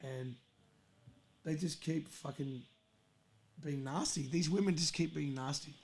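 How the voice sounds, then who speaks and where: A young man hosting a livestream, talking in a rambling, sweary, excitable way. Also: a little high, unhurried. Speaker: livestream host. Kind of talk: casual livestream chat.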